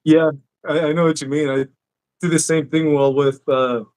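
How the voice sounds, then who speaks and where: A man's voice: fairly high pitch, level tone, normal speed, darkish tone. A man hosting a podcast, telling stories in a casual, profane way. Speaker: podcast host. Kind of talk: casual chat.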